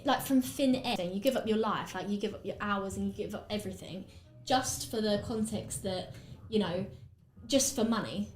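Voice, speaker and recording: A woman's voice: medium pitch, normal speed, roomy sound, soft background music, rough recording. A woman with an Essex accent hosting a podcast, chatting casually and rambling with lots of fillers while she does her makeup. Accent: Essex English. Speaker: podcast host.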